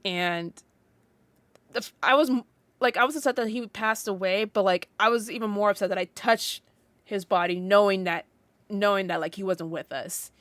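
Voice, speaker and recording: A woman's voice: mid-range voice, normal speed, a bit bright, dry recording. A young woman co-hosting a casual podcast, telling a story in a rambling way, full of "like" fillers and restarts. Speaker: podcast co-host.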